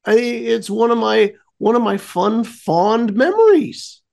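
A man telling a casual story as a radio show guest, rambling with many fillers and restarts, animated at the fun parts. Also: very high-pitched, slow pace, creaky.

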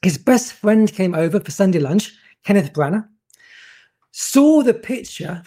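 A man, a photographer telling anecdotes in an animated way, often stumbling and repeating words. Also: high-pitched, unhurried, husky. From England. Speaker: guest photographer. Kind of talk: anecdotal storytelling.

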